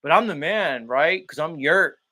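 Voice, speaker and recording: A man's voice: lively intonation, measured pace, bright, forceful tone. A man doing a mocking impression of a smug, self-important online rival on a live stream. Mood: whiny. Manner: mocking, sing-song, high-pitched impression.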